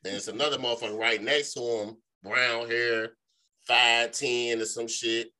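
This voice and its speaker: Bright-voiced man telling a rambling story. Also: mid-range voice, moderate pace. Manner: animated, profane storytelling with lots of filler phrases. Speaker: podcast co-host. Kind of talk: casual storytelling.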